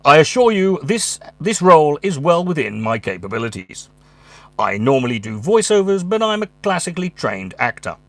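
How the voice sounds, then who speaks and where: A man's voice: a little high, very animated, moderate pace, a bit bright, no echo. A man putting on a pompous voiceover actor who reads his audition lines with overblown theatrical flair. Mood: haughty. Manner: grandiose, overly theatrical line reading.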